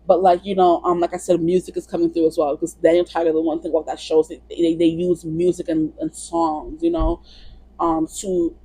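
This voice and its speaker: A woman's voice: fairly low pitch, little pitch movement, brisk, mellow, breathy edge, dry recording, rough recording. A woman giving a casual pick-a-card tarot reading in a chatty, rambling way. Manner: chatty, rambling, lots of "you know". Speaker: tarot reader.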